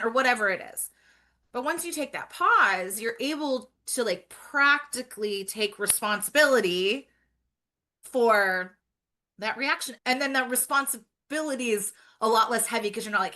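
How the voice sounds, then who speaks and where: Bright-voiced woman chatting earnestly. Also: on the high side, expressive, moderate pace. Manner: earnest, reflective, lots of fillers. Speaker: podcast guest. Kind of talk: casual chat.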